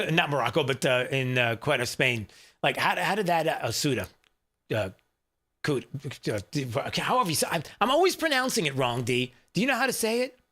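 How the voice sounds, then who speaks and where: A man's voice: a little high, very animated, normal speed, pushed and bright. Chatty male talk radio host. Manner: chatty, rambling, lots of fillers and asides to his producer. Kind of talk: casual talk radio monologue. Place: radio studio.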